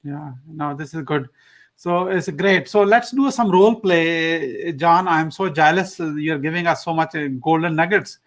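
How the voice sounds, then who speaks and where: High-voiced, eager male podcast host. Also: moderate pace, fairly bright tone. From USA. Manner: enthusiastic, filler-heavy, praises answers. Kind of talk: interview questions.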